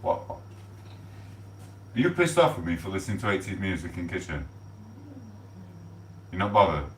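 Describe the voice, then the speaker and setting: A man's voice: sits low, big pitch swings, measured pace, a little hiss or hum. A man, chatting casually and rambling on a live stream, swearing freely as he talks from his kitchen. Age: 40s. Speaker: livestreamer. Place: home kitchen. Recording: roomy echo, distant from the mic.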